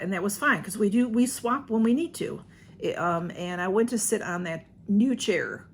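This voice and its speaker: A woman's voice: mid-range voice, a little hiss or hum. An older woman, chatting casually to her viewers as a channel host, rambling with frequent laughs and restarts.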